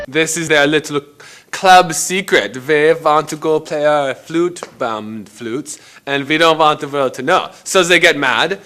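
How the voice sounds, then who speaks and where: A man's voice: fairly low pitch, noisy background, close to an everyday voice. An actor playing a rambling, eccentric male painter in a comedic mockumentary interview, talking casually and crudely.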